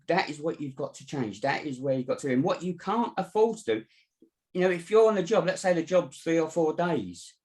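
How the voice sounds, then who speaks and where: Earnest man giving advice. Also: fairly high pitch. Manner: earnest, advising, many "you know" fillers. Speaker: mindset coach guest. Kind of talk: casual advice chat.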